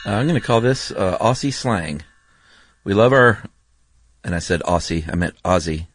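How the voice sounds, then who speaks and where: A man co-hosting a podcast in casual chat, laid-back and quick to laugh, reading listener mail aloud. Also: low-pitched, expressive, background noise. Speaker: podcast co-host.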